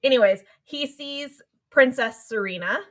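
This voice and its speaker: A woman's voice: high-pitched, measured pace. A woman co-hosting a podcast, casually recapping an anime episode and acting out the characters' lines as she goes. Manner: animated retelling that acts out the characters' lines. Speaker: podcast co-host.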